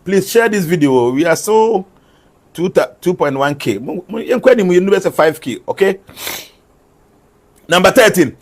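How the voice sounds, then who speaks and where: A man with a somewhat raised pitch reads out prophetic forecasts by number. He repeats each point and slips between English and a local language as he explains. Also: very animated, normal speed, pauses often. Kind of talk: numbered predictions mixed with local-language asides.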